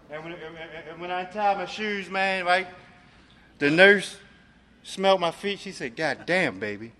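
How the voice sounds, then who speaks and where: A man's voice: sits high, fairly even intonation, measured pace, long pauses, sharp tone, big-room sound. A man from Maryland giving a personal recovery testimony, streetwise and profane, filling his talk with "man". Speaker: recovery speaker.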